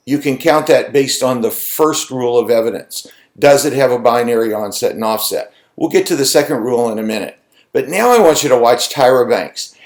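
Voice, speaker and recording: Guy lecturing, talks casual, keeps asking the class questions, middle pitch. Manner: conversational, poses rhetorical questions. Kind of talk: recorded lecture.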